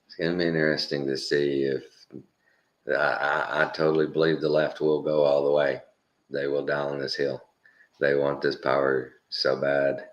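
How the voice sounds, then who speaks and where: A man with a Texan accent and an extremely deep, low voice talks through a casual opinion monologue. He rambles and chuckles, and he repeats words to hammer a point home. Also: little pitch movement, normal speed, dull audio. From Texas. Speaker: commentary host.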